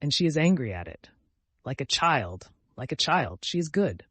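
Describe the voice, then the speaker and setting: A man's voice: fairly high pitch, big pitch swings, moderate pace, a bit bright, slightly rough, no echo, exaggerated voice. A man voicing a timid, devout young woman who speaks in an earnest, pleading, distressed way.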